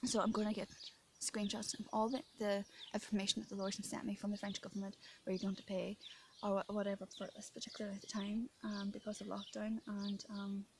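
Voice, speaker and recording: A woman's voice: medium pitch, level tone, brisk, background noise. Shaken, indignant Irish woman outdoors. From Ireland. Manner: indignant, rambling, sometimes dropping into a whisper. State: shaken and upset. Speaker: vlogger. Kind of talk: emotional venting to camera. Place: outdoors in rural France. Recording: outdoor recording with birdsong behind.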